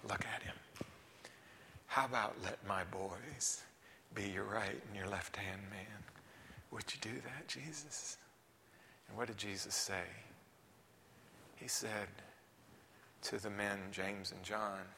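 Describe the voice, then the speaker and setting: Gravelly preacher man, hushed to booming. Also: steady tone, slow, long pauses, a little hiss or hum. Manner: dramatic, swinging from loud emphasis to hushed whispers. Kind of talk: sermon. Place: church sanctuary. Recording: long reverb of a large hall.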